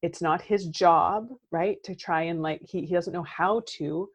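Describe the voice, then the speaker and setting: A woman in her thirties, a therapist and coach, talking in a casual podcast chat. She is animated and keeps checking in with "right?". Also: on the low side, measured pace. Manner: animated, says "right?" often, acts out quoted outbursts.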